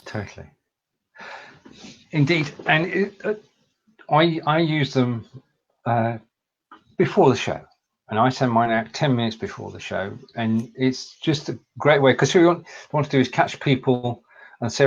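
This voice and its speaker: A man's voice: medium pitch, a little slow, creaky, pauses often. A man from the UK co-hosting a live stream, upbeat and chatty as he welcomes a guest. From United Kingdom. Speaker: co-host. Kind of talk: casual live-stream chat. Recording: dull lo-fi audio.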